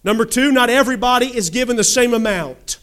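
A man's voice: extremely high pitch, brisk, fairly bright tone. A man preaching an emphatic sermon, reading scripture and pressing the congregation with questions and calls for amen.

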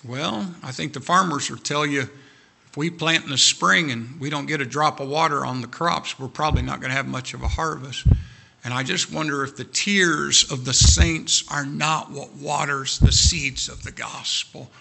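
A man preaching to his congregation with fervent, repetitive urging. His voice is gravelly and sits a little high. The tone is sharply bright. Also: normal speed. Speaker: pastor. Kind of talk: sermon.

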